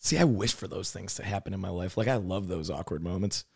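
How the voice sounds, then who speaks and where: A man's voice: low-pitched, fast, gravelly, breathy edge, dry recording, clean studio sound. A man hosting a reaction video in casual chat, swearing and saying dude a lot.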